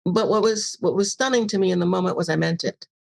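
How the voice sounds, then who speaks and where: A woman's voice: on the low side, quick pace, creaky, a little mellow. An older woman, a podcast guest, telling a personal story in a casual interview and acting out the dialogue animatedly.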